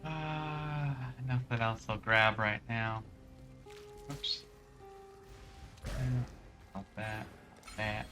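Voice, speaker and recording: Over music, a man with a fairly low voice drags out his words and pauses often. He's streaming a game and rambling casually from one tangent to the next, leaning heavily on "like."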